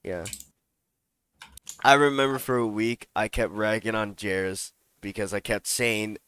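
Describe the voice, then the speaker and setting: A man's voice: on the low side, steady tone, measured pace, a bit bright, clear, resonant tone. A young man co-hosting a casual podcast chat, laid-back and crude in his jokes. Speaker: podcast co-host. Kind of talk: casual chat among friends.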